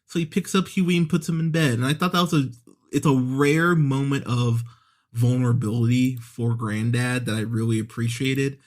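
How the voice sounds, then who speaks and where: A man's voice: medium pitch, steady tone, moderate pace. Man, podcast host, casual review, frequent self-corrections, acts out quoted lines. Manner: conversational, re-voices characters when quoting scenes.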